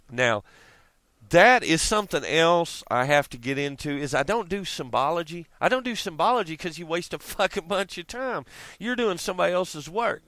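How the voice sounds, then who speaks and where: A man vents in a loose, profane rant to his viewers, laughing often as he rambles. His voice is smooth and clear, with a lively pitch that jumps around. The recording is dry and close, with no room sound. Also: no echo. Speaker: vlogger. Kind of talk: casual rant to camera.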